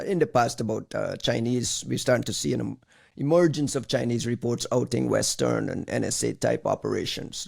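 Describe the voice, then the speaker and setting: A man's voice: medium pitch, creaky, darkish tone, slightly rough. A man hosting a security podcast in casual chat, laughing easily as he steers the topics. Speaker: podcast host.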